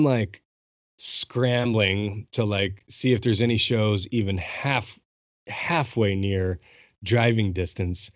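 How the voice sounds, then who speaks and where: Excitable, lower-voiced man telling a story. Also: dry recording, dull audio. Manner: excited storytelling, swears freely. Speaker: podcast host. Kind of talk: casual chat.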